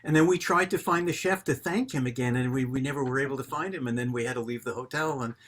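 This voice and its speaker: A man's voice: mid-range voice, fast, a bit bright. An older man telling a rambling story on a group video call, with many fillers and restarts.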